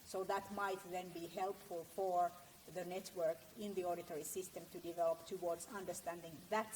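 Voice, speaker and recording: A middle-aged woman giving a guest lecture at a university, explaining in a measured way with frequent fillers and restarts. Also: fairly low pitch, a little mellow, a little hiss or hum, rough recording. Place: lecture room.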